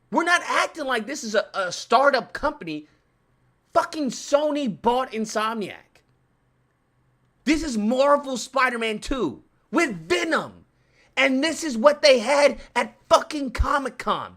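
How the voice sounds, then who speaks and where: A man giving ranting video commentary, profane and animated, repeating his points for emphasis. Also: extremely high pitch, unhurried. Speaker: YouTube commentator.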